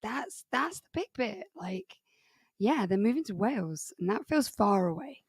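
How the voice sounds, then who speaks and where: A woman's voice: fairly high pitch, big pitch swings, a little slow, creaky, husky, dry recording, clean studio sound. Playful woman co-hosting a livestream. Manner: playful, chimes in with short agreements. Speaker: church leader and co-host. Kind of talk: live online Q&A chat.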